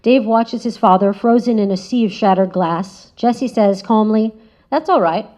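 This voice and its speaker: A woman giving a prepared spoken essay as a guest speaker, measured and reflective, often letting her phrases trail off softly. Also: mid-range voice, fairly even intonation. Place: lecture room. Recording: slightly dull lo-fi audio.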